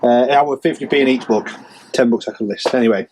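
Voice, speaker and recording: A man's voice: mid-range voice, quick pace, a little mellow, a little hiss or hum. A man giving a casual, rambling sales update as a reseller vlogger, chatty and self-mocking. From England.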